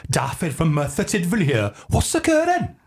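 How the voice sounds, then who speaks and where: A man's voice: a little high, wildly swooping pitch, normal speed, pitched above the performer's own voice. A man voicing a chirpy Welsh male doughnut shop owner with a put-on Welsh accent, in a sing-song, jaunty way.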